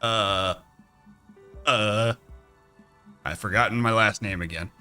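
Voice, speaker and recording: A male streamer playing a game, animated and playful, often reading the hero's lines aloud. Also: fairly low pitch, slow, clear, resonant tone, soft background music. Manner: animated, playful, reads dialogue aloud, laughs. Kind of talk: casual game let's play.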